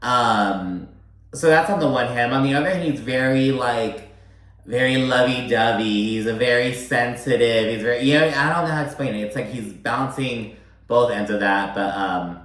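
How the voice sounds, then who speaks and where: A man's voice: mid-range voice, normal speed. A young man giving a casual, swear-laden recap of a reality show, full of "like" fillers. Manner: chatty, swears freely, many "like" fillers. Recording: very echoey room.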